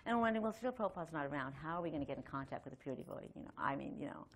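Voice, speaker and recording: A woman's voice: low-pitched, animated, rapid-fire. A middle-aged woman giving a Sunday temple lecture, talking conversationally with many fillers and reading a long letter aloud. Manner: conversational, chatty with frequent fillers and light laughs; reads a letter aloud at length. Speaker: temple speaker.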